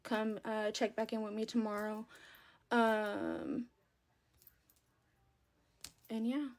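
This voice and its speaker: A young woman with a drawl hosts a casual livestream from her phone. Her voice sits a touch high, and her chatty talk is full of fillers and relaxed Southern phrasing as she answers viewers. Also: slow. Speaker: livestream host. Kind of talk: casual live stream chat.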